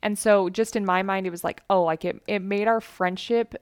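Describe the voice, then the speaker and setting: A woman's voice: medium pitch, fairly even intonation, normal speed, smooth, no room sound, clean studio sound. A woman hosting a podcast, telling personal stories to listeners in an earnest, chatty way and voicing the people she quotes. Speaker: podcast host.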